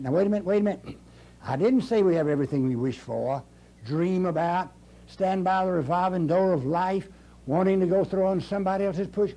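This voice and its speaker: Older male motivational speaker, folksy and emphatic, mellow tone, slightly raised pitch. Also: a little hiss or hum. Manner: folksy, emphatic, repeats key phrases. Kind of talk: motivational speech to a live audience. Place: speaking to an audience in a room.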